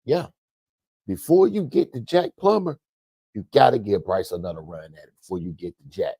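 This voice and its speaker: A man's voice: on the low side, sing-song, moderate pace, creaky, dark tone, husky, dry recording. A man hosting a sports commentary show, ranting in a profane, emphatic way and repeating his points. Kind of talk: fiery sports rant.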